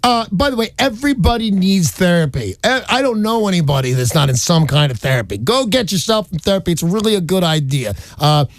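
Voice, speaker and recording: A man's voice: high voice, sing-song, fairly quick, few pauses, no echo. A middle-aged man hosting a morning radio advice segment, blunt and emphatic with a joking edge. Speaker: radio host giving life advice.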